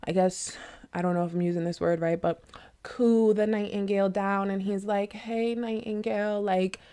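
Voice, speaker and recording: Woman, card reader, casual rambling storytelling, lots of fillers, mid-pitched voice. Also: flat delivery, normal speed, warm tone, clear, resonant tone. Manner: chatty, rambling, many fillers like "like" and "right?". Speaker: tarot and oracle card reader.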